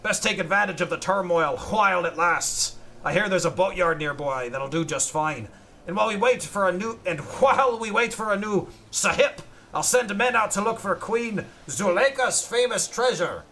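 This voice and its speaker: A man's voice: sits high, lively intonation, normal speed, sharp tone, slight background noise, exaggerated voice. A man voicing a boastful, greedy male pirate leader in a hammy put-on Irish accent, drawing out his H sounds. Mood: swaggering. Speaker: streamer reading in-game notes aloud.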